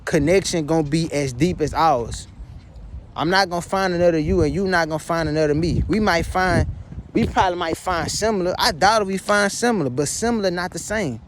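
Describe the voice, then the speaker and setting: High-voiced man pleading in a vlog. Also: brisk, slight background noise. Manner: pleading, repetitive, blunt and profane. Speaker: vlogger. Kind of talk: emotional personal monologue to camera.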